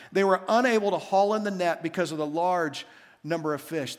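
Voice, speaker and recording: A man preaching a sermon as pastor, telling a story and acting out the quoted lines. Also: sits high. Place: church hall. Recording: long church hall reverb.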